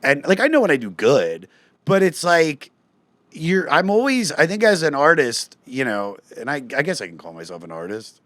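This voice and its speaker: Animated man telling stories. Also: on the high side, moderate pace, dry recording. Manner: animated storytelling, acts out quotes in a raised voice. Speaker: guest comedian. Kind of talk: casual podcast chat.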